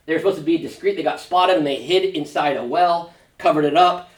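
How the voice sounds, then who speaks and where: A man teaching a church Bible study with a slightly high voice, talking it through casually with fillers. He sounds set back from the microphone in an echoey room. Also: a little fast. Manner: conversational, explanatory, with fillers and asides. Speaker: pastor. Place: church classroom. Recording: echoey room, mic at a distance.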